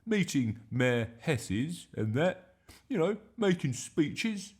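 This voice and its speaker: A man's voice: fairly high pitch, big pitch swings, takes it slowly, pitched above the performer's own voice. Man voicing a cheeky little boy. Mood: boastful. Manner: indignant, protesting. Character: mischievous six-year-old boy, cheeky and stubborn.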